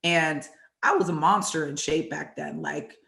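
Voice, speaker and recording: A woman hosting and telling animated stories about her football days, acting out the lines people said. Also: deep voice, measured pace, gravelly. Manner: animated, acts out quotes from the story. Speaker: host and former football player. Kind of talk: storytelling chat. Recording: echoey room.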